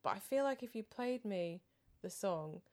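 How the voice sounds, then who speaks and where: A woman co-hosting a studio podcast in casual chat, thoughtful and rambling, often trailing off softly. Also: mid-range voice, lively intonation, moderate pace. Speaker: podcast co-host. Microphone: studio microphone.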